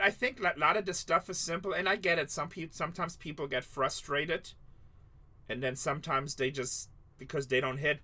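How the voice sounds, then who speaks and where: A man's voice: mid-range voice, pushed and bright. A man hosting a live card-breaking stream, tired, chatting loosely and joking back at viewers' comments. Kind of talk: casual livestream chat to viewers.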